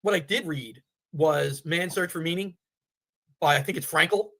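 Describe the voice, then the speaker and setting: A man's voice: fairly high pitch, normal speed, bright, forceful tone. A man chatting as a guest, cracking wry, self-deprecating quips. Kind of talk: casual chat.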